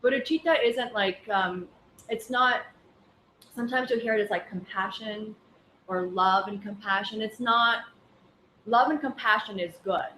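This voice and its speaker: A woman's voice: mid-range voice, a little slow, sharp tone. Woman, chatty Buddhist teacher, roomy echo, faint background hum. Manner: conversational, anecdotal, many fillers. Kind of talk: casual dharma class talk. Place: class room. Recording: echoey room with faint ambience.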